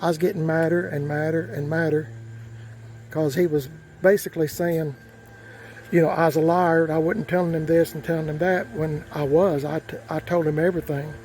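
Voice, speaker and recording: A man's voice: fairly high pitch, flat delivery, moderate pace, darkish tone, a little hiss or hum, poor audio. Rambling man telling a story. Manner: rambling, folksy, many fillers and restarts. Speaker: vlogger. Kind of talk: casual storytelling.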